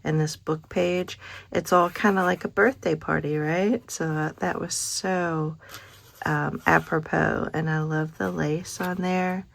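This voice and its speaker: A woman, hosting a casual craft unboxing vlog, gushing over each item with soft asides. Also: sits low, steady tone, slow pace, creaky, no room sound. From Kentucky. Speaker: craft channel host.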